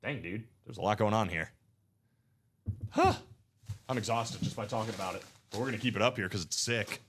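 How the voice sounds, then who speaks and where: A man's voice: on the low side, a little fast, a bit bright, slightly rough. A man hosting a live card break stream, with upbeat, slangy hype chatter.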